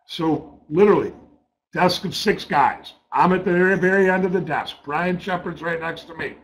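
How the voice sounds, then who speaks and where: A man's voice: high voice, moderate pace, poor audio. A middle-aged man telling a trading-desk story in a blunt, profane way, repeating words as he gets worked up. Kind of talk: casual spoken storytelling.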